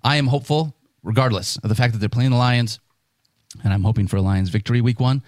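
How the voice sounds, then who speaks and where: A man co-hosts a sports podcast, earnest and playful, the words tumbling out quickly. His voice sits in a middle range. The sound is dry and close. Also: mid-range voice, darkish tone, dry recording. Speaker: podcast co-host, fantasy analyst. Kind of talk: casual sports podcast chat.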